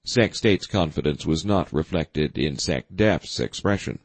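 Deep-voiced male audiobook narrator. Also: expressive, a little slow, few pauses, breathy edge, no room sound. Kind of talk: scripted narration.

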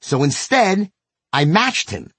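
A man's voice: on the high side, huge pitch swings, slow, fairly bright tone, husky, dry recording. A middle-aged man narrating a sales lesson in a blunt, emphatic way, with the odd swear word. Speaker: sales trainer. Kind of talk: instructional narration.

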